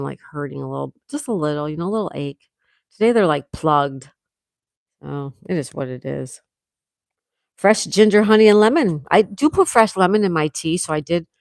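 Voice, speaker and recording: A woman with a sore throat hosts a relaxed morning livestream, greeting viewers by name and reading their comments aloud. Her voice sits a little low, and the sound is dry and close to the mic. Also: creaky, no echo. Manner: chatty, reads out comments, frequent laughs. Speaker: livestream host reading chat. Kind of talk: casual live chat with viewers.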